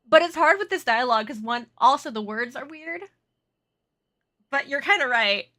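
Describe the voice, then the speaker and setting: A woman's voice: high voice, lively intonation, moderate pace, pushed and bright. A woman streaming a game, chatting casually with viewers, laughing often and flustered. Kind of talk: casual live-stream chat.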